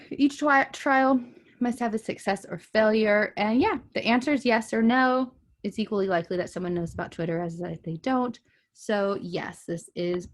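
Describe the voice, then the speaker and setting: A woman math teacher recording a lesson from her bedroom, casual and thinking aloud with frequent ums. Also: medium pitch.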